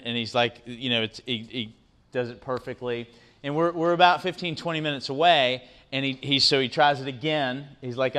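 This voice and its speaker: Bright-voiced man giving a casual talk. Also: mid-range voice. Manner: conversational, quizzes the audience, keeps tagging "right?". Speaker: guest speaker. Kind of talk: motivational talk to students. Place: university lecture room.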